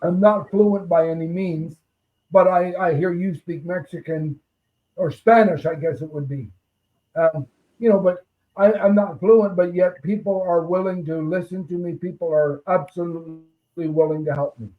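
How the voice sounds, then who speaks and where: Guy with a high voice chatting casually, halting, over a tinny phone line. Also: steady tone. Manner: halting, with fillers and restarts. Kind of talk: casual chat.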